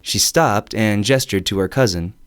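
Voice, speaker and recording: A man narrating a first-person audiobook story in an expressive, wry storytelling manner. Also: fairly low pitch, moderate pace, clean tone.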